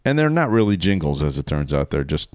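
Deep-voiced wry male co-host. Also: sing-song, fast, no echo, clean studio sound. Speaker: podcast co-host. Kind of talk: casual chat.

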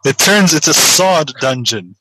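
A man's voice: fairly high pitch, lively intonation, measured pace, background noise. A man from Canada chatting as a player on a video call, explaining things with hesitant fillers. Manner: hesitant, informative, many fillers. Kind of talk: casual chat.

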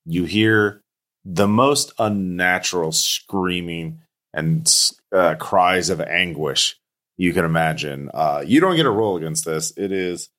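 Deep male game master, halting, filler-heavy narration. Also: fairly bright tone. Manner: hesitant, with frequent fillers.

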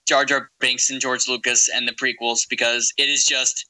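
A man's voice: medium pitch, level tone, normal speed, bright, forceful tone, no echo, low-quality recording. A man co-hosting a podcast in casual chat, laughing often and restarting his sentences. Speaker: podcast co-host.

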